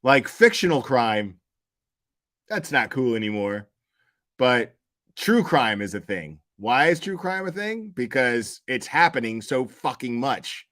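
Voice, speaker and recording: A man's voice: mid-range voice, very animated, a little slow, fairly bright tone. A man hosting a commentary channel, talking casually and profanely, rambling and answering his chat.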